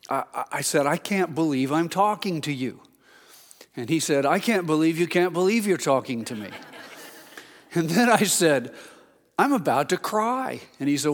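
A pastor telling a chatty, excitable story during a sermon. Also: male voice, medium pitch, long reverb tail.

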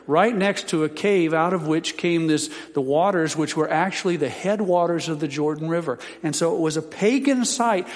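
A man's voice: a little high, long reverb tail. A man preaching a sermon as pastor, teaching scripture in a folksy way with joking asides.

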